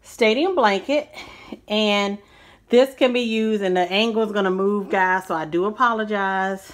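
A woman's voice: mid-range voice, steady tone, normal speed. A woman chatting casually in a fashion vlog from her bedroom at home, slightly out of breath and often apologizing to her viewers. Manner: chatty, apologetic, addresses viewers as guys and y'all. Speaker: vlogger.

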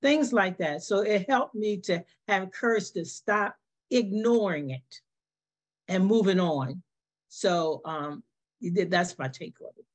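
A woman answers interview questions in a hesitant, conversational way. She pauses and restarts her sentences often as she works through her thoughts. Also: medium pitch. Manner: hesitant, many fillers and restarts. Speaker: panelist.

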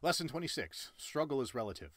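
A man in his late twenties talking earnestly and emphatically about life lessons, with sudden loud jumps in pitch. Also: very animated, quick pace, dry recording. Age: late 20s. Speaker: cartoon channel creator. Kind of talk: personal life-lessons monologue.

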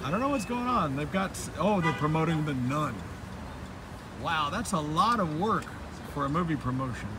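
A man vlogging outdoors on city streets, excitable and joking as he walks and talks. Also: a little high, moderate pace. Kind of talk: casual vlog walk-and-talk. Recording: street noise, passing traffic.

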